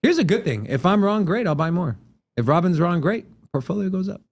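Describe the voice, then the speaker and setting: A man with a high voice hosts a casual podcast-style talk show, rambling through his sign-off with plenty of fillers. He's very animated and talks a little fast.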